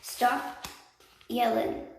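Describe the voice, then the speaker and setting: A woman reading aloud, voicing a bossy, unimpressed older sister who scolds loudly. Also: drawn-out words. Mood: scolding. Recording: echoey room, far from mic, faint noise.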